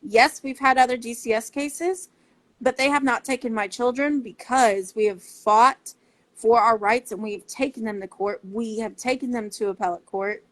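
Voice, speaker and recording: A woman's voice: a little high, moderate pace, fairly bright tone. A woman speaking earnestly and passionately as a parent advocate in a casual talk to camera. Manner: earnest, impassioned, heartfelt.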